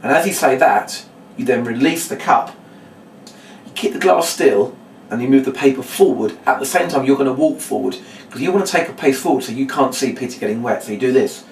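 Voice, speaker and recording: A man, a children's magician, demonstrating a trick step by step and acting out his patter with a brighter voice. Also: animated, fairly quick, a little hiss or hum. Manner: explains step by step, then acts out his patter in a bright, higher voice. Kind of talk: demonstration lesson. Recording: echoey room, mic at a distance.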